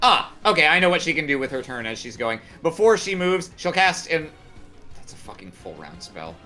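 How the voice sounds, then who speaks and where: A man's voice: fairly high pitch, very animated, normal speed, pushed and bright, faint music behind. A man playing a tabletop game, thinking aloud about his turn and muttering in frustration. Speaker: player. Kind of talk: casual chat at a tabletop game.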